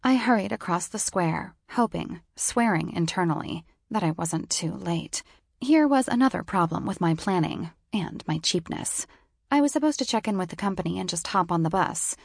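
A woman's voice: lowish voice, animated, normal speed, gravelly, breathy edge, dry recording, clean studio sound. A woman narrating a first-person novel in a wry, sardonic storytelling manner. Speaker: audiobook narrator.

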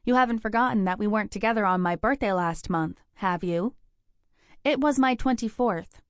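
A woman's voice: mid-range voice, moderate pace, dry recording, clean studio sound, natural voice. A woman reading the part of a playful young woman in her twenties, a teasing best friend who talks in an upbeat, sing-song way. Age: 20s.

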